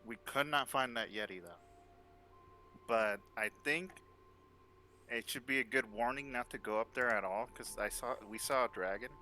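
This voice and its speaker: A man playing a tabletop game, talking in a relaxed, hesitant way. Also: mid-range voice, normal speed. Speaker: player. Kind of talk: casual role-play chat.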